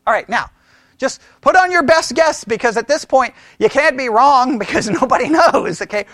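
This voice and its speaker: Male Bible study leader, lively pitch, casual and questioning, dry close sound. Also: normal speed, no room sound. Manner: animated, questioning, thinks aloud with many restarts.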